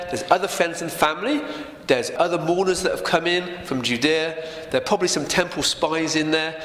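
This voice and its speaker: A man's voice: high-pitched, a bit bright. A man teaching a Bible passage as a story, often turning to listeners with tag questions. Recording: echoey room with long reverb, faint noise.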